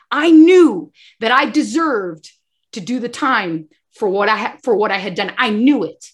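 A woman's voice: a little high, measured pace, husky. A woman giving an emotional faith testimony as a guest, telling her story with animation and acting out the dialogue. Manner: animated storyteller who acts out dialogue and often addresses the host.

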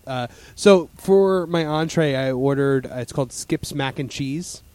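A man's voice: medium pitch, measured pace, darkish tone, no room sound. Man, podcast host, casual chat, rambling with fillers, dry close sound. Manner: chatty, rambling, many fillers and restarts.

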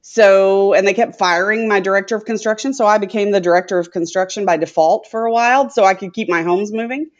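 A woman's voice: medium pitch, a little fast, few pauses. Chatty middle-aged woman on lo-fi audio. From Tennessee. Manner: chatty, rambling, many filler sounds. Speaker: guest, sales consultant. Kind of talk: conversational interview. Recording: dull lo-fi audio.

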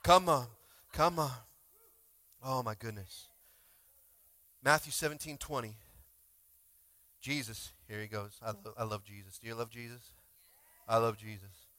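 A male pastor preaching a sermon informally, swinging between shouted exhortations and quiet asides, often asking the congregation to respond. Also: on the low side, fairly even intonation, moderate pace, pauses often, no room sound. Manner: informal, frequent "like" and call-and-response.

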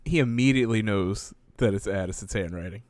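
A man joins in a casual chat, adding short replies and laughing a lot. His voice sits a little low. The sound is dry and close. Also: brisk, darkish tone, no room sound. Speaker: podcast co-host.

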